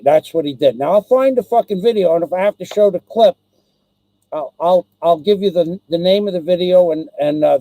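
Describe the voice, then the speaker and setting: A man rants on his own live stream, swearing at every turn and circling back over the same points. His voice sits high for a man, yet the tone is dark and mellow. The sound is dry and close, with no room echo. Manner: angry, rambling, swears constantly, repeats himself. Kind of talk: profane ranting live stream.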